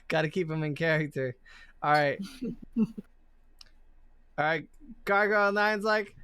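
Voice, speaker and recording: A woman's voice: deep voice, slow pace, pauses often, a bit bright, clear, resonant tone, dry recording, studio quality. A woman running a live-streamed tabletop game as game master, chatty and playful. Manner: playful, chatty, laughs between lines.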